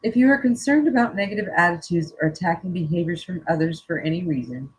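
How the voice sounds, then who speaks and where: A spiritual coach reading an inspirational text aloud in a slow, earnest way, teary-eyed and stopping now and then for casual joking asides. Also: medium pitch, slightly rough, poor audio.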